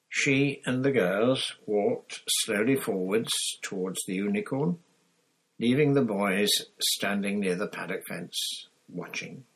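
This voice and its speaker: Husky guy reading a storybook aloud, lowish voice, steady. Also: poor audio. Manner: measured storytelling, voices each character. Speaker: audiobook narrator. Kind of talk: scripted narration.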